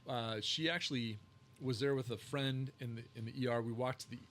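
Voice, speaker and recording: A man's voice: mid-range voice, fairly even intonation, brisk, fairly bright tone, a little hiss or hum. A man, a podcast guest who makes cigars, telling long casual stories with lots of fillers and restarts. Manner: rambling, many fillers and restarts. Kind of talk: casual storytelling.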